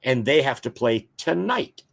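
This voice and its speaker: A man's voice: medium pitch, sing-song, measured pace, vocal fry. A man hosting a football talk show, giving fan opinions and reading viewer comments in a casual, chatty way with frequent filler words.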